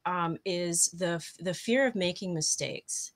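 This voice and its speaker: A woman's voice: on the low side, measured pace. A woman guest coach explaining ideas in a casual interview, tripping over her words and laughing at herself.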